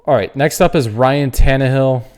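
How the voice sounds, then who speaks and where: A man's voice: medium pitch, normal speed, darkish tone. Fired-up opinionated man ranking players. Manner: opinionated, fired-up ranting with cursing. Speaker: podcast host. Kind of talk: casual sports tier-list commentary.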